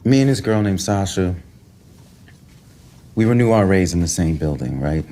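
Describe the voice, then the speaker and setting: A young man telling a story, low voice. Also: normal speed. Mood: casual, storytelling. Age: young adult. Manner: relaxed storytelling, seeks agreement with "right?". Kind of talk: TV series dialogue, conversational storytelling.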